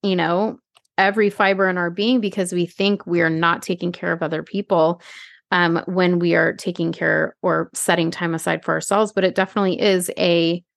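Chatty millennial woman cohosting a podcast, bit of fry, super dry mic. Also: fairly low pitch, moderate pace, dry recording. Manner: chatty, lots of "like", animated retelling. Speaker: podcast co-host. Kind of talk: casual chat.

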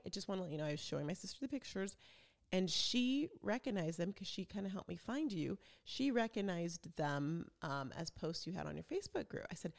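With a lowish voice marked by vocal fry, this middle-aged podcast host keeps the conversation casual. Her stories come alive through the quoted voices she puts on.

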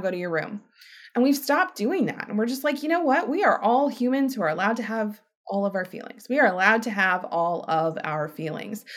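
A woman in her thirties hosting a podcast, talking casually and animatedly and often checking in with "right?". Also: medium pitch. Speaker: podcast host. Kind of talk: casual solo podcast talk.

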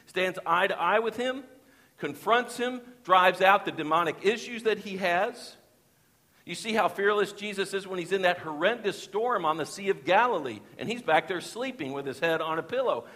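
A man's voice: sits high, animated, pushed and bright. Earnest preacher man in echoing hall. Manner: earnest, rises in intensity on emphatic phrases, slows for quotes. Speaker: pastor. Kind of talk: sermon. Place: church sanctuary. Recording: long reverb of a church hall.

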